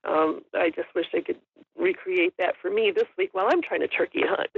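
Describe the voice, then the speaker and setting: Gravelly-voiced woman telling a hunting story. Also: lowish voice, big pitch swings, normal speed, dry recording. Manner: chatty, laughs often while telling the story. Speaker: hunting guest. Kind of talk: casual storytelling in an interview. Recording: dull lo-fi audio.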